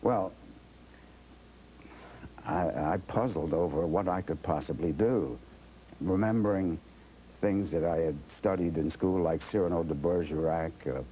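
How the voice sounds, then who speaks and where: An older man sits as a guest in a television interview and tells a story against himself, dry and wry. His voice is low and deep with a dark, mellow tone. He acts out the other people in his stories as he goes. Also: unhurried, pauses often, slight background noise, poor audio.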